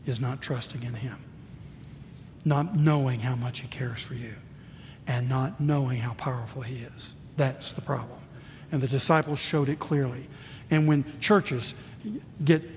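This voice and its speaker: An older man preaching a sermon as pastor, swinging between booming emphasis and hushed asides. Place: church sanctuary. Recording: reverberant church hall, faint rumble.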